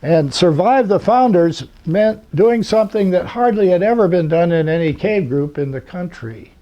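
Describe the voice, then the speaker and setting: Older man, high voice, dry humor. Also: lively intonation, normal speed. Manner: dry humor, rambling with fillers. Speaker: convention speaker. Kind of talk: anecdotal talk to an audience. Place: lecture hall. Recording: muffled lo-fi recording.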